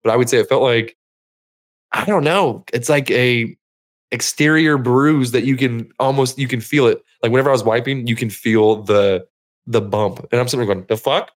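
A man's voice: mid-range voice, normal speed. Profane rambling male podcast storyteller. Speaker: podcast co-host. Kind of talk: casual crude chat.

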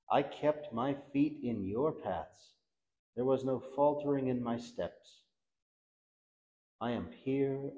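A man reciting the Divine Office in a solemn, measured liturgical manner, letting each response fall away at its end. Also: mid-range voice, mellow, lo-fi sound. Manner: measured, reverent, with falling endings on responses. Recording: echoey room.

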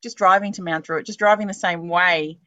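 A woman's voice: on the low side, steady tone, a little fast, fairly bright tone, no room sound. A woman in her forties with an Australian accent, candidly sharing emotional personal stories in a heartfelt chat. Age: 40s. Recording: dull, lo-fi dry sound.

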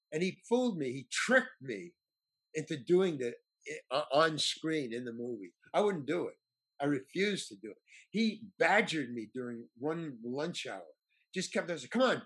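A man's voice: fairly high pitch, animated, moderate pace, a bit bright, husky. A male actor telling a rambling story as an interview guest, restarting and stammering often. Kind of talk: casual anecdote telling.

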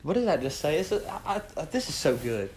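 A man leading a morning Bible study, preaching with lots of rhetorical questions and swinging from quiet asides to loud cries. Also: a little high, brisk, a little hiss or hum. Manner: animated, fires rhetorical questions at the group.

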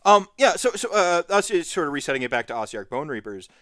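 A man in casual chat who talks in an animated rush, jumping up in pitch and circling back over his own words. He keeps starting sentences over and piling on fillers. The sound is dry and close, with no room around him. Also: quick pace, no echo. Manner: animated, rambling with many restarts and fillers. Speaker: podcast co-host.

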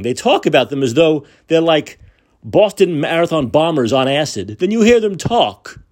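A man rants on his podcast in a fairly high voice that leaps and drops all the time. He swears, mocks and hammers words by repeating them. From United States. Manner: angry, profane, sarcastic ranting. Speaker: podcast host. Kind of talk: political rant monologue.

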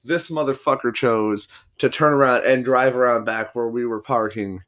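A man's voice: medium pitch, fairly even intonation, moderate pace, fairly bright tone. A man hosting a solo podcast, telling stories in a rambling, profanity-filled, combative rant. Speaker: podcast host.

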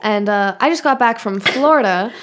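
A woman's voice: medium pitch, animated, normal speed. A woman co-hosting a podcast from her bedroom, chatting casually with dry teasing and frequent laughs. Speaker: podcast co-host. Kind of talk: casual chat.

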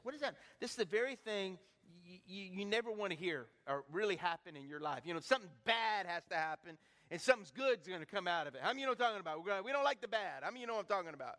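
Male pastor, sermon delivery, very high and bright voice, animated, questions the room; long hall reverb. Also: very fast. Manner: animated, rhetorical questions to the congregation. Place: church hall.

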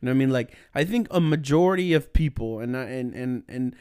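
A young man co-hosting a podcast, thinking aloud in casual chat, halting with many restarts. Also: mid-range voice, animated, a little mellow, clean tone. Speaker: podcast co-host.

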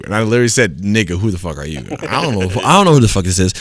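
A young man in casual chat, telling a story with lively acted-out quotes and frequent laughter. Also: lowish voice, very fast, no room sound, studio quality. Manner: animated storytelling, acts out quotes, laughs often.

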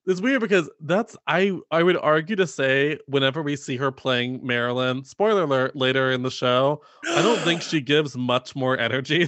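A man co-hosting a casual podcast chat, animated and quick to laugh. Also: medium pitch, dry recording. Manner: animated, laughing, mimics lines. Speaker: podcast co-host.

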